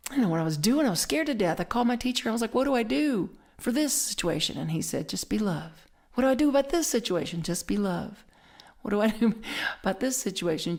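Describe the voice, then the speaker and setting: A woman minister delivers a conversational sermon, animatedly telling stories and dropping to soft whispers for emphasis. Her voice is on the low side.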